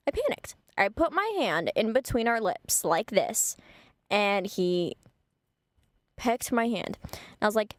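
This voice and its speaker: Animated young woman telling a story. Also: a little high, a little slow, no echo. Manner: animated, blunt, swears freely, dramatic retelling. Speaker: vlogger. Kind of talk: casual storytime.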